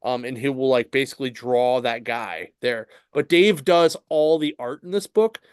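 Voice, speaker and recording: A man's voice: medium pitch, moderate pace, smooth, no room sound, clean studio sound. Chatty man rambling through a comic recap. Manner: rambling and chatty, full of fillers, chuckling as he tells the story. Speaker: podcast co-host at a comic shop. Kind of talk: casual chat recapping a comic book.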